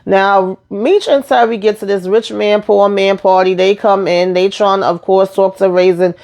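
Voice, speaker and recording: A woman talking through a TV episode in a loose, chatty way. She retells each scene with asides and slips into the characters' lines as she goes. Her voice sits at a middle pitch for a woman. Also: normal speed, creaky. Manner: chatty, animated retelling with asides and acted-out quotes. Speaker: recap host. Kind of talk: casual TV recap.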